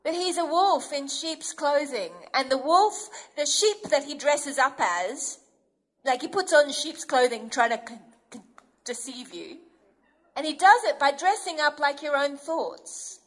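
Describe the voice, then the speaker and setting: A woman's voice: high-pitched, animated, a little slow, fairly bright tone. A woman preacher giving an earnest, emphatic sermon and acting out inner voices as she goes.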